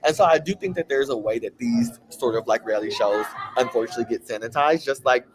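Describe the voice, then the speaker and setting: A man's voice: medium pitch, fast talker, noisy background. Sassy chatty man with a country twang. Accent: Southern US country twang. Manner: chatty, sassy, gossipy asides. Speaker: host. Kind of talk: casual chat.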